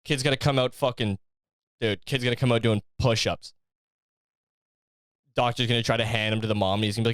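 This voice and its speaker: A man's voice: medium pitch, fairly even intonation, brisk, pauses often, a bit bright, no room sound, clean studio sound. A young man hosting a podcast alone, rambling in a profane, jokey monologue. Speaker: podcast host. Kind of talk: casual solo monologue.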